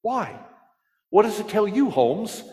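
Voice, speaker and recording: A man preaching in a church, telling jokes with a lively storyteller's delivery. His voice sits fairly high for a man, and the sound rings with a long hall reverb. He turns to the congregation with questions. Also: takes it slowly. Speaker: pastor. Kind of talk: sermon with jokes.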